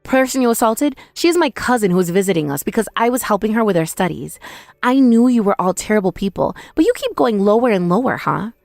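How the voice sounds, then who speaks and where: A woman's voice: mid-range voice, expressive, fast talker, vocal fry, darkish tone, no echo. A woman narrating a dramatized first-person story in a confrontational, scolding way.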